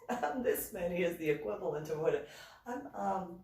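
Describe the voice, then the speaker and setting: A woman reverend telling funny personal stories in an animated way, laughing and making sound-effect voices. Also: fairly low pitch, moderate pace. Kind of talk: comedic personal storytelling. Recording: roomy room, distant mic.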